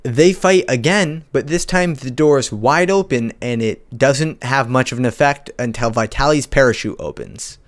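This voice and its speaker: Sarcastic male commentary host, incredulous, average pitch. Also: moderate pace, few pauses, a little hiss or hum. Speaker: commentary youtuber. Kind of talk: comedic video commentary.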